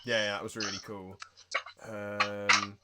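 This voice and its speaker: A man's voice: lowish voice, flat delivery, slow. Chatty man on a noisy home recording. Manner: chatty, enthusiastic, acts out quotes in exaggerated voices. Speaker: podcast co-host reviewing a TV series. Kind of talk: casual chat.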